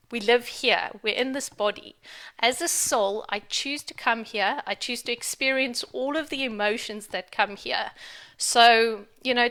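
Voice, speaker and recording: A spiritual vlogger with a fairly high, sharp-toned voice goes on a candid rant, frank and emphatic as she swears freely. She repeats herself for stress.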